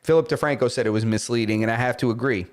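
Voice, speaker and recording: A man's voice: medium pitch, very fast. A man co-hosting a casual podcast, chatting loosely and slipping into silly voices for jokes. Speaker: podcast co-host.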